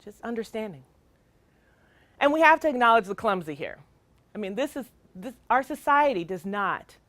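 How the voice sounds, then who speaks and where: A woman's voice: mid-range voice, dry recording. A middle-aged woman, a child welfare worker, giving an earnest, emphatic training talk with rhetorical questions.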